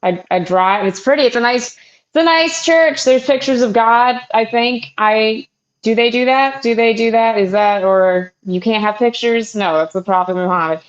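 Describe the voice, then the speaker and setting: A young woman doing a stand-up comedy set, with a halting delivery full of fillers and restarts. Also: a little high. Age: young adult. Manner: halting, filler-heavy delivery with self-deprecating jokes. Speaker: stand-up comic. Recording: muffled lo-fi sound.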